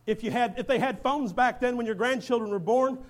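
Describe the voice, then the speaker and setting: High-voiced preacher shouting a sermon. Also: male voice. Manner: fervent, builds to shouting. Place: church.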